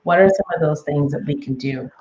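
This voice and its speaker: A woman's voice: deep voice, brisk, mellow, dull audio, a little hiss or hum. A middle-aged woman hosting a parenting podcast, giving casual advice with lots of "okay?" and "um". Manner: chatty, frequent "okay?" and "um" check-ins.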